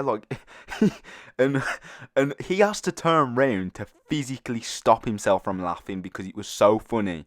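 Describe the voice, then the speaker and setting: A teenage man, hosting a storytime video in a rambling, animated, casual way. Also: mid-range voice, unhurried, no echo, studio quality. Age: teens. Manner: rambling, animated, with frequent fillers. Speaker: storytime channel host.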